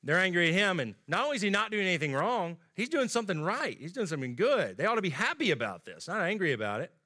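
A man's voice: high-pitched, sing-song, fast talker, pushed and bright. A man preaching a sermon in a conversational way, acting out the quoted lines with rising emphasis.

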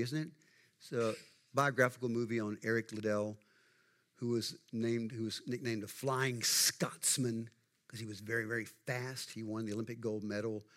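Middle-aged pastor, folksy sermon delivery, chats with the congregation. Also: male voice, mid-range voice. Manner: conversational, folksy, asks the congregation questions.

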